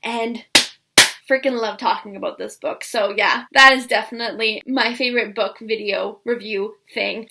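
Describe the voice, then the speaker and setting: Young woman book vlogger, high and bright, gushing and excitable, casual chat. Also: normal speed, gravelly, slight background noise. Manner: gushing and excitable, many repeated "I loved" and "like".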